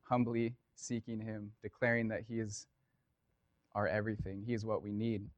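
Laid-back guy preaching, lowish voice, chatty with lots of "like", dry sound. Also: little pitch movement, moderate pace, dry recording, highs cut off. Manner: conversational, lots of filler "like", storytelling. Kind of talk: casual sermon.

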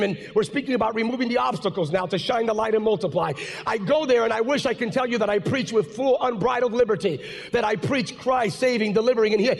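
A male pastor preaching a sermon, telling a story that builds into fervent, shouted preaching. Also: very high-pitched, vocal fry. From United States. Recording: long reverb of a large hall.

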